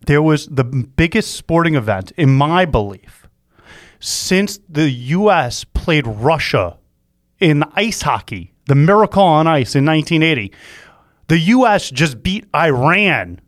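A man's voice: a little high, very animated, unhurried, no echo, clean studio sound. A man hosting a podcast in casual chat, rambling and self-mocking as he jokes. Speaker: podcast host.

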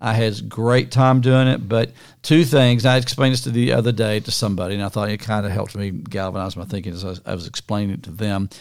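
A man's voice: lowish voice, level tone, fast talker, creaky, few pauses. An older man co-hosting a podcast, talking in a folksy, teasing way. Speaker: podcast co-host. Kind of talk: casual podcast chat.

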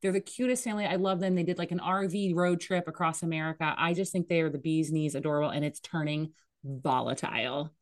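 Wry, teasing woman, lowish voice. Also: steady tone, fast talker. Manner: wry, teasing, sarcastic asides. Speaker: podcast co-host. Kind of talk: casual chat.

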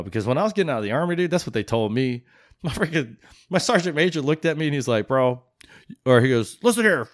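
A man with a very low, smooth voice hosts a podcast, rambling loosely and swearing freely. He sounds laid-back and unscripted. The sound is dry and close, with no room echo. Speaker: podcast host. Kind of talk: casual chat.

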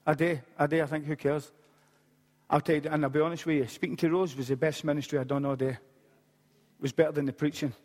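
A man in his late forties preaches with a slightly raised voice, telling a story with quick humorous asides. His words ring out with a long reverb, as if in a large hall. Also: a little high, steady tone. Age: late 40s. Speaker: pastor. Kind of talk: sermon.

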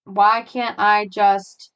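A young adult woman hosting a podcast, talking through her feelings in a halting, searching way, with frequent sighs and fillers. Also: mid-range voice, level tone, a bit bright, clear, resonant tone, dull audio. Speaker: podcast host. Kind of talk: personal reflective monologue.

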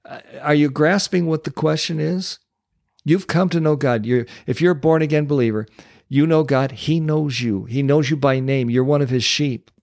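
A man in a Christian coaching ministry preaching a devotional sermon, pressing his listeners with repeated questions and reading Bible verses slower and lower. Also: a little mellow, no echo, studio quality.

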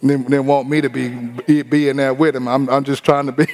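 A man preaching a sermon in a lively, humorous way, acting out other people's voices now and then. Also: medium pitch, a little fast, slight background noise. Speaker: pastor.

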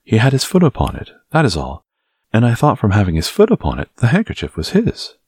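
Brief: quick-tempered young Gascon swordsman in a period storybook, read by a husky man. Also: sits low, big pitch swings, dry recording, clean studio sound, full character voice. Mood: timid.

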